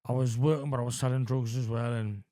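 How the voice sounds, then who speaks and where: A man in his forties talking candidly as a podcast guest, halting with lots of fillers and frequent swearing. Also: mid-range voice, fairly even intonation, mellow, no room sound, clean studio sound. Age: 40s. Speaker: podcast guest in addiction recovery. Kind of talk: candid conversational interview.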